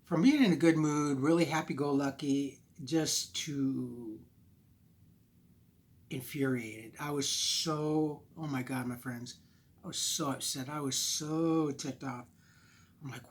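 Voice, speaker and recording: A man's voice: a little high, unhurried. A man telling a personal story to his phone camera, acting out his own exasperated lines as he goes. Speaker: vlogger.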